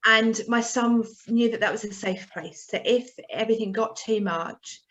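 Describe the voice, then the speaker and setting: A woman's voice: on the high side, moderate pace, a bit bright. A woman and adoptive parent explains practical tips casually on a video call webinar. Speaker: adoptive parent on the membership team. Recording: dull lo-fi video call audio.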